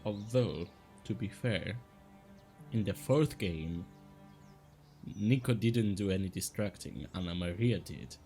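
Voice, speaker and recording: A man chats his way through a video game, laughing often and speaking slowly. Game music sits faintly under his voice. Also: sits low, expressive, darkish tone. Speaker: gaming streamer. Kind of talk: let's play commentary.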